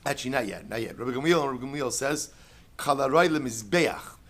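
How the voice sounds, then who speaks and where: A man's voice: mid-range voice, animated, fairly quick, a bit bright. A middle-aged man teaching a Talmud class, explaining step by step, repeating key phrases and asking and answering his own questions, with Hebrew and Aramaic terms mixed in.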